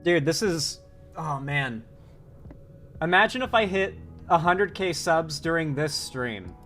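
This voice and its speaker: A man's voice: on the high side, slow, soft background music. A man from Florida chatting casually on a live stream, rambling and swearing, with a sore throat. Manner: rambling, profane, excitable. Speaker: political commentary streamer.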